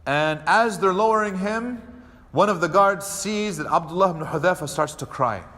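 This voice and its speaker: Imam guy telling a story in a mosque talk, voice kinda high for a man, acts out the lines, long echo in the hall. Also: moderate pace. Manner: animated storyteller acting out quoted speech.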